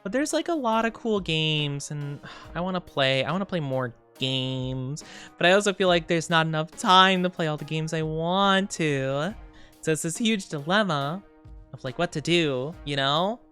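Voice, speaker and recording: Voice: medium pitch, animated, moderate pace, a bit bright, soft background music. A live streamer in casual chat with viewers, rambling and thinking aloud with lots of fillers.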